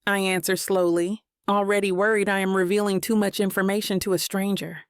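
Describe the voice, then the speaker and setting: A woman's voice: medium pitch, steady tone, normal speed, few pauses, no echo, studio quality. A woman narrating a first-person romance audiobook in an intimate, reflective manner.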